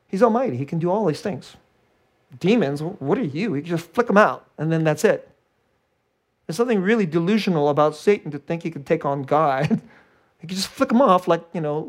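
A preacher working through a sermon with lively swings in pitch and volume. The delivery repeats words and restarts phrases, with small chuckles between points. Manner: animated, swinging from loud high emphasis to hushed low delivery.

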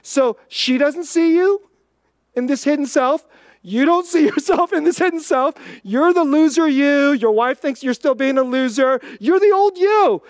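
A preacher giving an informal, conversational sermon, chatty and full of "like", swinging between quick bursts and slow, quiet emphasis. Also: high-pitched, expressive, dry recording, studio quality.

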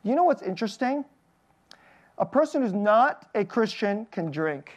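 Lively, chuckling pastor preaching a casual sermon. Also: medium pitch, normal speed, lo-fi sound. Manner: animated, chuckles between points, asks the audience direct questions. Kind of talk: conversational sermon. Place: church service with slides.

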